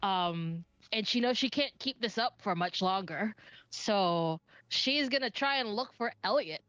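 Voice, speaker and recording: A woman's voice: medium pitch, animated, unhurried, fairly bright tone, no room sound, lo-fi sound. A woman player describing her character's actions in a tabletop game in a rambling, filler-heavy way.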